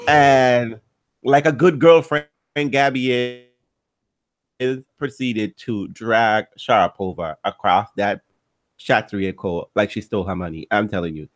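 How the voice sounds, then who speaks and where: A man hosting a casual podcast, teasing his co-hosts in profane, rambling banter. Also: mid-range voice. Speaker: podcast host.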